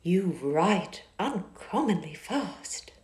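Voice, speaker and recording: A woman reading a novel aloud and voicing a haughty, flattering young society lady in a high, gushing, sing-song tone, sometimes breathy and whispery. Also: very slow, exaggerated voice. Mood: coy whisper. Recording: echoey car interior.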